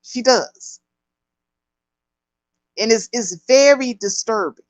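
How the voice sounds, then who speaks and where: Slow-talking woman hosting gossip chat. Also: fairly high pitch, dry recording, rough recording. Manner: emphatic, drawn-out, chatty. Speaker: host. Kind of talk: casual gossip commentary.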